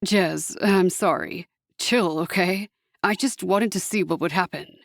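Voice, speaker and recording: A woman voicing a mischievous, earnest young male angel in an audiobook, dropping her voice lower and coaxing. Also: a little slow, creaky, dry recording, clean studio sound.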